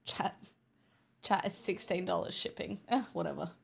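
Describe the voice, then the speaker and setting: A woman's voice: fairly low pitch, lively intonation, moderate pace, creaky, background noise. A young woman streamer chatting casually with her viewers, giggly and rambling. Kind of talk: casual live-stream chat.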